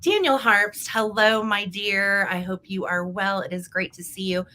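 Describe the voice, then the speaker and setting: A woman's voice: mid-range voice, moderate pace, sharp tone. A woman hosting a live vintage sale, chatting casually and greeting viewers by name in an upbeat way. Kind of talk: casual livestream chat.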